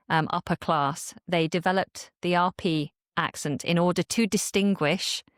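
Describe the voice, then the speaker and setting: A young adult woman from Manchester with a modern RP accent, speaking as a podcast guest and accent coach in a thoughtful, measured way. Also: low voice, no echo, studio quality. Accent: modern RP English. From Manchester, England. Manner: thoughtful, measured, with small restarts. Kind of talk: podcast interview.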